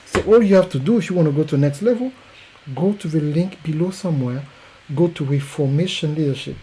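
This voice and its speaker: A man with a French accent giving an emphatic, repetitive promotional pitch as a podcast coach. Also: a little fast, dark tone, a little hiss or hum, rough recording.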